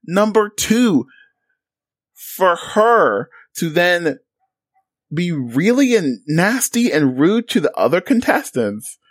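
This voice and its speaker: A man co-hosting a podcast, casually recapping a reality show with animated storytelling. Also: sits high, no room sound, clean studio sound. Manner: animated storytelling, acts out quotes. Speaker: podcast co-host.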